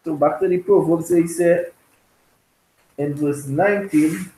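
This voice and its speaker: A man leads scripture teaching in a group discussion, his voice sitting a little higher than most men's. He reads the verses slowly and deliberately, then explains them. The sound rings around an echoey room. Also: steady tone, mellow.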